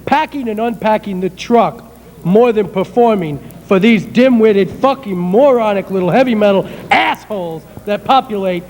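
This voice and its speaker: Sneering, profane metal band man, high and swooping voice, reverberant club. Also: moderate pace, darkish tone. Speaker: metal band member in stage persona. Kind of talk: sarcastic shock-humor banter. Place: rock club.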